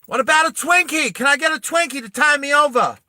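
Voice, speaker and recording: A man doing a shrill whiny American kid. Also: brisk, dry recording, clean studio sound, full character voice. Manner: shrill, complaining, yelling. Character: whiny young boy demanding snacks.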